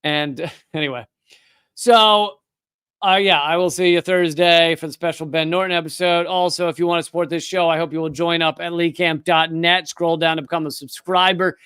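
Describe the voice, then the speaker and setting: High, smooth-voiced man hosting a livestream. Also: fairly even intonation, normal speed, a bit bright, no echo, clean studio sound. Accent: Southern American, Virginia. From Richmond, Virginia. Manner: loose, conversational, full of fillers and restarts, with blunt profanity. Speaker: show host. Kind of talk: casual livestream commentary.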